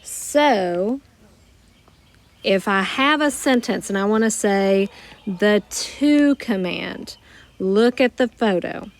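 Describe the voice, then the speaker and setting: A woman teaching a recorded grammar lesson, explaining patiently step by step and slowing down to model phrases. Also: medium pitch, lively intonation. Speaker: Spanish teacher.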